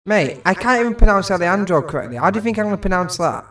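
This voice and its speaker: A man's voice: sits high, lively intonation, very fast, a bit bright, far from the mic. A British man streaming a strategy game and chatting with friends, joking and laughing often. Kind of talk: casual gaming chat with friends.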